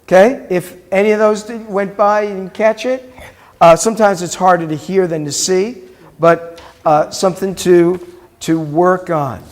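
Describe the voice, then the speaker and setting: High-voiced rabbi teaching slowly. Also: male voice, fairly even intonation. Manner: patient, drills vocabulary and explains pronunciation step by step. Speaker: rabbi teaching a Hebrew class. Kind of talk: classroom teaching.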